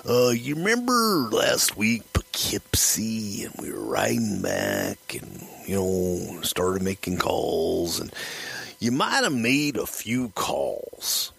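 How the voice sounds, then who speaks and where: A man doing an impression of a famous male pro wrestler, with slow, stretched-out, theatrical phrasing. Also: lowish voice, big pitch swings, vocal fry, fairly bright tone, slightly rough, exaggerated voice. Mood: sheepish.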